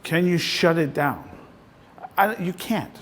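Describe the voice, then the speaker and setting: A man acting as a real estate coach gives a casual, conversational talk to a small group, often closing points with "right?". His voice is fairly high and expressive, his pace slow, heard in a reverberant room.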